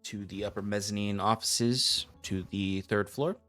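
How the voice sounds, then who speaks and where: A man with a fairly low voice runs a tabletop game, describing the scene in a loose, rambling way full of small hesitations. Faint music plays underneath. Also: steady tone, a little slow, bright, forceful tone. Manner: rambling, hesitant, laughs often. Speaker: game master.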